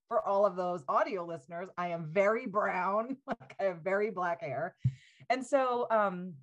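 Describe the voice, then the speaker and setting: A woman in her forties, speaking as a guest on a podcast, with a slightly low voice. She tells stories in a lively, casual way, laughing often and sprinkling in "like". Her speech has no regional accent. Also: a little slow, highs cut off. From United States. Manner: animated storyteller with frequent laughs and "like" fillers.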